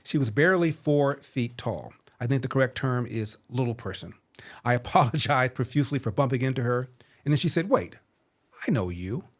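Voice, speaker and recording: A man in his seventies hosting a podcast, telling a story and giving political commentary in a sardonic, measured way. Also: mid-range voice, animated. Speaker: podcast host.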